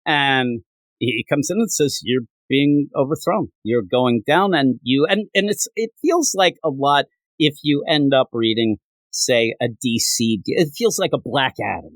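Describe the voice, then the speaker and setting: A man hosting a casual comic review, retelling scenes with quick character voices. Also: fairly high pitch, a bit bright, no echo. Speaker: comic book podcast host.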